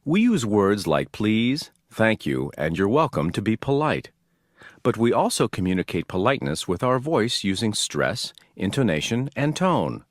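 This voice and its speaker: Low-voiced man, very expressive intonation, dry studio sound, textbook narration. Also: no echo. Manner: slow, demonstrative teaching delivery.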